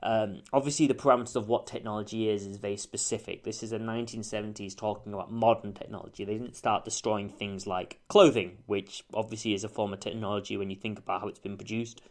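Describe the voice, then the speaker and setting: A man's voice: lowish voice, steady tone, fast talker, few pauses. A man reviewing an old TV series in a casual spoken monologue, thoughtful and careful, often correcting himself mid-sentence. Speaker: TV show reviewer.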